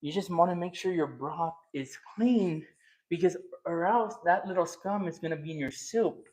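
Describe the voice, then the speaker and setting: A man chatting casually while he cooks on camera, thinking out loud and teasing his viewers. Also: on the high side, normal speed. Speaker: cooking and eating vlogger. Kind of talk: casual chat while cooking.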